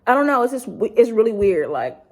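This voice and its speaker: A young YouTuber with a sing-song voice on the high side talks at a quick pace in an emotional storytime vlog. Though grieving and subdued, she rambles to her viewers with plenty of "like," blunt remarks, and swearing.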